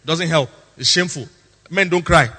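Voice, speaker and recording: A male pastor preaching with a bright, ringing voice that sits a little high. He is emphatic, repeats key lines for effect, and moves from quick asides to slow, pointed warnings. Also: big-room sound. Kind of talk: sermon.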